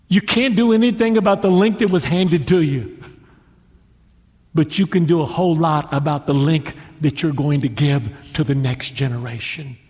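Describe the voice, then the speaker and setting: A middle-aged male pastor preaching a sermon, slowing down dramatically to stress his points. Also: a little high, darkish tone, slightly rough. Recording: long hall reverb with music.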